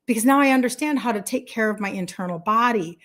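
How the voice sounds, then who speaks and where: A woman's voice: a little high, fast talker, fairly bright tone. A woman in her sixties, a wellness coach chatting effusively with viewers on a live stream, rambling and laughing as she talks. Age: 60s. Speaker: wellness coach selling supplements.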